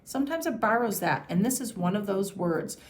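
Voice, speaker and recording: A woman teacher giving a patient phonics and handwriting lesson to young children, sounding out each letter slowly. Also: mid-range voice, animated.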